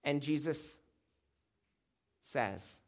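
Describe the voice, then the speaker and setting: A male pastor delivering a sermon with a somewhat high voice. He preaches emphatically, pausing for effect and repeating key phrases. He swings between loud, stressed words and quiet, low-pitched endings.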